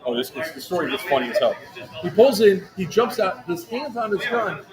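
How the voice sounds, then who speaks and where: A man telling a story in casual chat on a livestream, animated and profane, acting out other people's lines. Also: high-pitched, fairly quick, crowd noise, rough recording. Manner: animated, profane, acts out quotes in a raised voice. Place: outdoor airsoft event.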